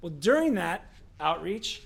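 High-pitched guy co-hosting a faith chat, tells stories all animated, keeps asking the room questions. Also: a little slow, creaky. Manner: animated storyteller, rhetorical questions. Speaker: co-host. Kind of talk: casual faith discussion.

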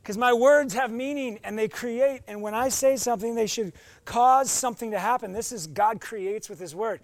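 Playful middle-aged pastor, high voice, dry close sound. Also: male voice, normal speed, dry recording. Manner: playful, acts out voices and quotes. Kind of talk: sermon.

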